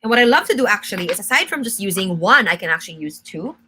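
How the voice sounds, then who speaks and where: There's background noise as a young woman with a mid-range voice hosts a brand's live makeup tutorial. She speaks quickly with big pitch swings, explaining each step chattily and instructively while replying to viewer comments.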